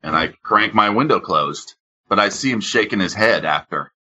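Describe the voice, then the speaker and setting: Animated profane male storyteller. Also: on the low side, normal speed, slightly rough, muffled recording. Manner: animated, acts out both sides with raised voice.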